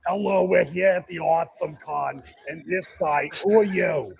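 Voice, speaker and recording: A man voicing a goofy male convention interviewer in an improvised phone-video skit, deadpan about his odd voice. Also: fairly high pitch, moderate pace, no echo, pitched above the performer's own voice, heavily acted. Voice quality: gravelly, raspy. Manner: deadpan, insists the odd voice is normal.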